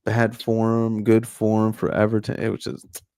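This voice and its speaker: A man's voice: fairly low pitch, monotone, measured pace, a little mellow, smooth, no room sound, clean studio sound. A man co-hosting a podcast, chatting casually about football in a jokey, rambling way. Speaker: podcast co-host.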